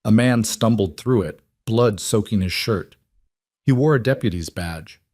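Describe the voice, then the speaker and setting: A man narrating a western story in a measured, dramatic way. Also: fairly low pitch, darkish tone, dry recording, studio quality. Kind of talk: scripted narration.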